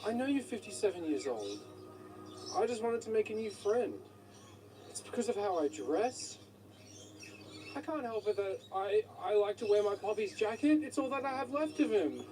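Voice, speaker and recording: A man's voice: high-pitched, expressive, moderate pace, darkish tone. A man playing a creepy candy-offering stranger. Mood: aggrieved. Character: creepy adult man luring a kid with candy. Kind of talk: comedy sketch acting. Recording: distant clip with faint noise.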